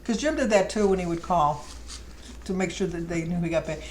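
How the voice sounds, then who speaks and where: A woman's voice: on the low side, lively intonation, a little fast, a little mellow, slight background noise, low-quality recording. A middle-aged woman vlogger chatting casually and rambling fondly through a list of questions. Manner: chatty, rambling, fond storytelling. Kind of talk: casual chat.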